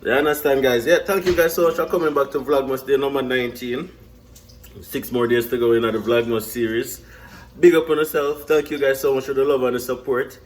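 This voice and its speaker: A man's voice: mid-range voice, steady tone, brisk. A young man with a Jamaican accent chatting casually to his viewers in a home kitchen, laid-back and laughing often. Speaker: vlogger. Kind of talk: casual vlog chat.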